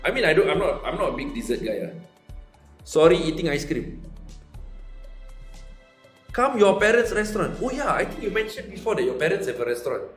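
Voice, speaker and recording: A fairly high-pitched young man with a Singaporean English accent, talking through maths questions in a loose, jokey way. The room sounds echoey, and faint music plays underneath. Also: very animated, brisk, pauses often. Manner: chatty, joking asides to viewers. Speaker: maths tutor. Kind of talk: casual live-stream tutoring.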